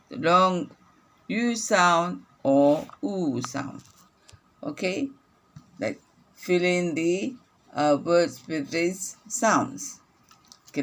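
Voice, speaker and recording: A woman teacher reading a phonics lesson aloud to young children, repeating each sentence slowly and clearly. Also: lowish voice.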